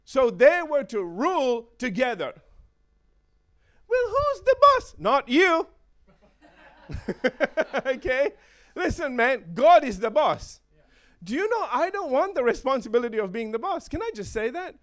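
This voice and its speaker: A man's voice: very high voice, sing-song, normal speed. A man preaching a sermon in a playful way, chuckling often and checking in with his listeners.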